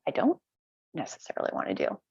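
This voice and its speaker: A woman from the United States, a podcast guest, talking reflectively and haltingly, often restarting her thoughts. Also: darkish tone, no room sound. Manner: hesitant, self-searching, frequent restarts. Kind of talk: reflective conversational interview. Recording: slightly dull lo-fi audio.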